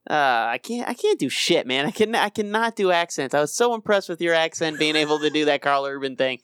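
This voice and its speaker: Guy on a podcast rambling, pokes fun at himself, fairly high voice, dry sound. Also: animated, brisk, a bit bright, clear, resonant tone, dry recording. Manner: rambling, self-deprecating, profane. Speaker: podcast co-host. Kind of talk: casual podcast banter.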